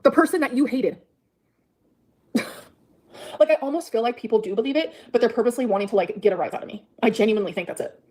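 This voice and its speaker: A woman's voice: on the high side, quick pace, pauses often, mellow. A woman on a livestream telling a grievance in an aggrieved, defensive way, repeating herself. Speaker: streamer in a played clip. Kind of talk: emotional livestream monologue.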